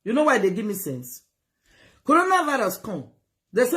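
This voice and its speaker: A woman with a Nigerian Pidgin accent giving advice in a casual talk, animated and lecturing, switching between Pidgin and English. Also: fairly high pitch, fairly quick. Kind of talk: casual live-stream talk. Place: United Kingdom.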